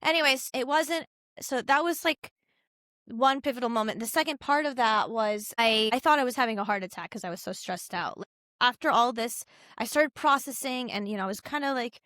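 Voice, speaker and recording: Bright, chatty young woman telling a story. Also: fairly high pitch, a little fast, no room sound, clean studio sound. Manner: chatty, heavy use of "like" and "you know", animated quoting of others. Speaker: podcast guest. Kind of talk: casual storytelling in an interview.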